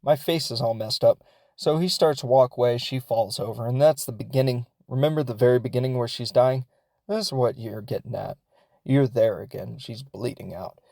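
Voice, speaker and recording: A man's voice: medium pitch, normal speed, creaky, mellow, no echo. A man hosting a podcast, recapping a film in a casual, rambling way, with lots of fillers and laughs as he goes. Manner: rambling and chatty, many fillers; laughs as he talks. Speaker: podcast host.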